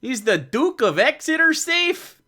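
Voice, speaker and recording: A man reading a formal army captain, asking questions slowly and with a formal air. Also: extremely high pitch, big pitch swings, sharp tone, pitched above the performer's own voice, heavily acted. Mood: inquiring.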